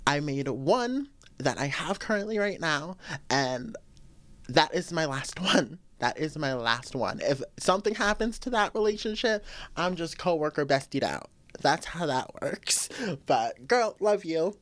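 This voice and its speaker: Blunt, lively woman podcast host venting. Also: deep voice, unhurried, no echo. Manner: blunt, profane, emphatic storytelling. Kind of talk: casual solo podcast venting.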